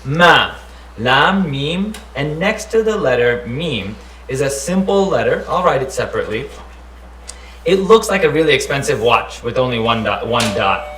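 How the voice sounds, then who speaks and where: A man's voice: medium pitch, animated, normal speed, a bit bright. A man teaching the Arabic alphabet in a playful way, repeating each letter sound and using silly memory tricks. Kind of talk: playful teaching with call-and-response drills. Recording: echoey room.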